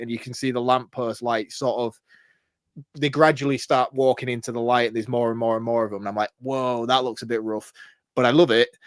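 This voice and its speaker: An excitable man co-hosting a casual film podcast, rambling through his asides and laughing often. His voice sits at an everyday middle pitch. The recording is close and dry, with no room sound. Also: no room sound. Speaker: podcast co-host.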